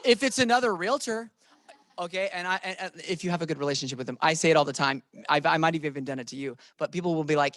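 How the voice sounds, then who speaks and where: A man's voice: a little high, fast, fairly bright tone, dry recording, clean studio sound. A man leading a real estate training session, playful and emphatic, talking to the room and to viewers online.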